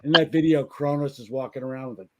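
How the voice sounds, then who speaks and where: A man's voice: mid-range voice, fast talker, crowd noise. A man on a podcast telling rambling, profane stories in a casual chat. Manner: rambling, profane anecdotes, frequent restarts. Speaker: podcast guest, band member.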